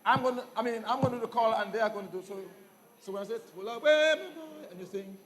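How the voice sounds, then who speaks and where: A Grenadian man leading children in a folk call-and-response class, lively, playful and encouraging, repeating his instructions. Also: high voice, rapid-fire. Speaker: folk music workshop leader. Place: indoor music fair.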